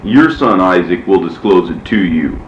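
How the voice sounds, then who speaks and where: A man reading the part of a reverent, pleading archangel in a measured, solemn way, heard from far off in an echoey space. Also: sits low, lively intonation, dull audio, a little hiss or hum. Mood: gentle.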